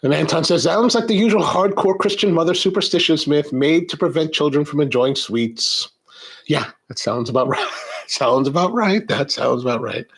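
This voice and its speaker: A middle-aged man hosting a coffee live stream, chatting in a rambling, animated way and reading viewer comments aloud. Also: fairly high pitch, normal speed, breathy edge. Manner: rambling, animated, frequent restarts. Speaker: coffee show host.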